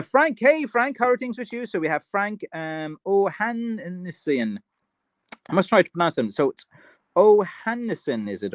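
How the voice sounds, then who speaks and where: A man's voice: mid-range voice, dry recording. A middle-aged man with an Irish accent, chatting casually on a livestream, rambling with lots of filler and answering viewer comments. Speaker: livestream host, stick maker.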